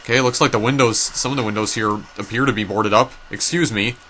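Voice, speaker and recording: Bright-voiced man reading game text. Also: fairly low pitch, steady tone, fast, a little hiss or hum. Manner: reads dialogue aloud, stumbles over names. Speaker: gameplay narrator. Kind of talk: reading game text aloud with casual commentary.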